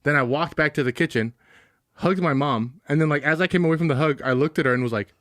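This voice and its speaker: A young man tells a story on a podcast, quick and animated, with fillers and laughter all through. His voice sits a little high and races along. The mic is close and dry. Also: no echo. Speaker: podcast co-host. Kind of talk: casual storytelling.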